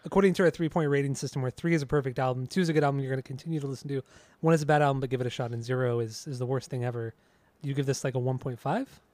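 A man co-hosting a music podcast, answering calmly and teasing his partner with deadpan replies. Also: mid-range voice, very fast, no room sound. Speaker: podcast co-host. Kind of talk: casual music chat.

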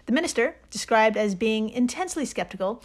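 A woman co-hosting a podcast who leads each segment as the storyteller. Her voice sits a little high, and she narrates with playful, dramatic flair. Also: expressive, brisk. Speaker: podcast co-host.

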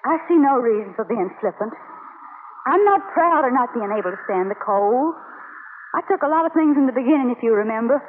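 A woman's voice: lively intonation, fairly quick, natural voice. An actress playing a homesick young woman from Atlanta, pleading and dramatic in 1940s radio drama style. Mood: indignant. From Atlanta, American South. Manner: pleading, dramatic, high-strung. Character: highly strung young woman, homesick and fretful. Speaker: homesick young wife on a frozen farm. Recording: tinny, noisy old radio broadcast.

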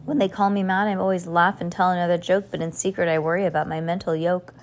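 A woman's voice: fairly low pitch, level tone, quick pace, natural voice. A woman reading as a rambling rhyming jester. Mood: theatrical, fretful. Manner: rhyming, pun-loving, theatrical ramble. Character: anxious, rambling male court jester prisoner.

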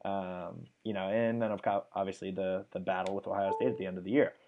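Young man, podcast host, casual chat, slightly low voice, eager, filler-heavy. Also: fairly even intonation, fast, narrow, tinny audio, background noise. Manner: enthusiastic, rattles off stats with fillers.

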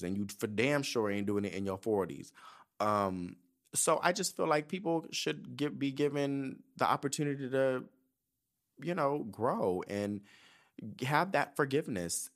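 Animated, profane man in his thirties. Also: mid-range voice. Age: 30s. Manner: animated, profane, acts out quoted voices. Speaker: podcast host. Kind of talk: casual chat.

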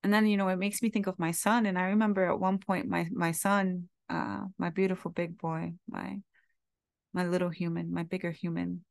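A woman's voice: fairly low pitch, vocal fry, dry recording, studio quality. A woman hosting her own podcast, talking in a candid, heartfelt and confessional way, with the odd casual swear. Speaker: podcast host. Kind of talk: candid reflective monologue.

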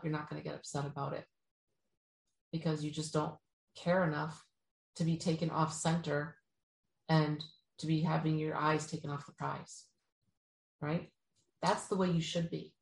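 Low, gravelly woman talking in an echoey room. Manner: acts out quoted people in bouncy voices, frequent "right?". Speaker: speaker giving life advice. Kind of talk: casual motivational talk.

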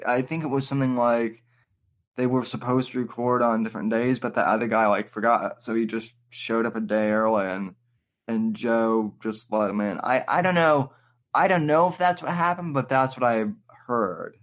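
A man's voice: medium pitch, normal speed. Hesitant man asking questions. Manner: hesitant, with repeated false starts. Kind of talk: casual interview chat over a call.

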